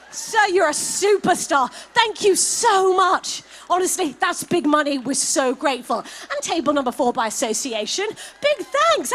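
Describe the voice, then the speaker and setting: With an extremely high-pitched, fairly bright voice, a woman auctioneer works a gala event hall during a live paddle raise. She announces each donation amount and praises the donors effusively.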